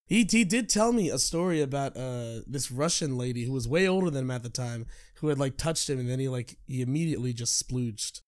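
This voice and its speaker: A man's voice: medium pitch, lively intonation, fairly quick, few pauses, darkish tone, clear, resonant tone. A young man co-hosting a casual podcast, telling stories with lots of laughs and mimicked quotes. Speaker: podcast co-host. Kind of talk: casual chat.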